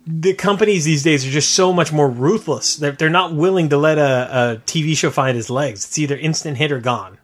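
A man with a slightly high voice chats on a podcast. He sounds eager and keen, and he gets excitable when something thrills him. His talk stays casual and friendly throughout. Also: a little fast, hardly any pauses. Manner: enthusiastic, excitable. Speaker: podcast co-host. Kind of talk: casual chat.

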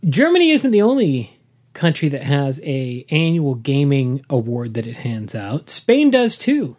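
Playful man with a lively voice. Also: medium pitch, a little slow. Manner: playful, quotes movie lines and jokes around. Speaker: podcast co-host reading the news. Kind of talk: casual chat about board game news.

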